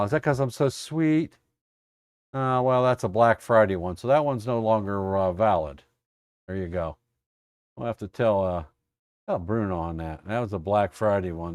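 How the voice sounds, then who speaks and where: A man's voice: on the low side, a little mellow, dry recording. A man hosting a casual trading stream, joking and teasing his viewers. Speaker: trading coach host. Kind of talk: casual live-stream chat.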